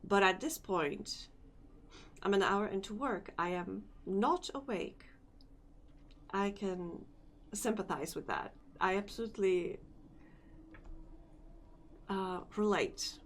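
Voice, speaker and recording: Slow-talking sleepy woman streamer. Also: medium pitch, slight background noise. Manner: rambling, repeats phrases, talks to chat. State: sleepy, yawning. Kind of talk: casual live-stream chat.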